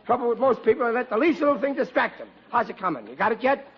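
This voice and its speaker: A man's voice: extremely high pitch, big pitch swings, rapid-fire, breathy edge, exaggerated voice. An actor playing a blustering, bumbling working-class father in a 1940s radio comedy, stammering when flustered, on a lo-fi old broadcast.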